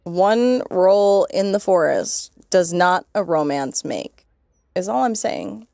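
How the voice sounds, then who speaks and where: A woman's voice: on the low side, lively intonation, takes it slowly, vocal fry, dark tone, dry recording, clean studio sound. A young woman streaming a game, commenting casually, swearing, giggling, and getting emotional.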